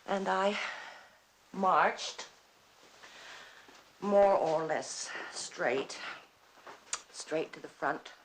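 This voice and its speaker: A woman's voice: lowish voice, extremely slow, long pauses, slight background noise. An actress playing a bitter, wry middle-aged woman who mocks herself with dry theatrical wit. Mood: sardonic. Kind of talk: stage play performance.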